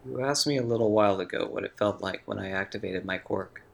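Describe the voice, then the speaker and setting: A woman voicing a gentle, earnest young man in a lowered, soft voice. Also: fast talker, vocal fry.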